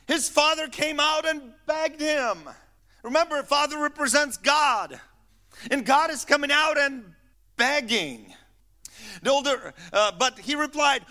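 A male pastor delivering a sermon in a high-pitched, crisp and forceful voice. His delivery is lively and sweeping, full of rhetorical questions and playful asides to the listeners. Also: moderate pace. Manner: animated storytelling, teasing asides to the congregation.

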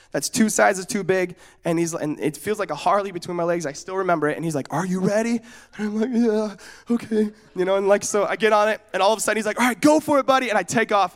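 A young man from Oregon preaching in a casual, storytelling way, animated and acting out the voices in his stories. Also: high-pitched. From United States, Oregon. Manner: casual, often asks "you know what I'm saying?". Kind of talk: storytelling sermon.

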